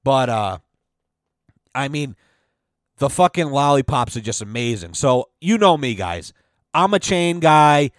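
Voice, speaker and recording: A man's voice: medium pitch, measured pace, long pauses, no echo, clean studio sound. A young man hosting a podcast, telling rambling comic stories in a casual, profane monologue. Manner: profane, rambling, animated storytelling. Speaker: podcast host.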